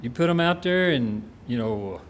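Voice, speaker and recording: A man's voice: mid-range voice, animated, normal speed. A former coach, a man, answers a question in a dry, matter-of-fact way. Faint room noise sits behind his voice. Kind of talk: panel answer.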